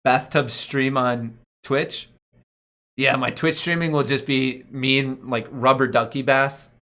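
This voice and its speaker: A man's voice: mid-range voice, a bit bright. A young man hosting a casual stock market live stream, reading his chat aloud and joking around with slangy banter and frequent laughs. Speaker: stock market livestream host.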